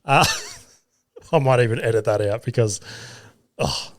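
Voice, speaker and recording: Measured in pace and mid-range in pitch, a young man hosts a podcast and spins out a lengthy comic tale. He swears and laughs a lot in this relaxed storytelling.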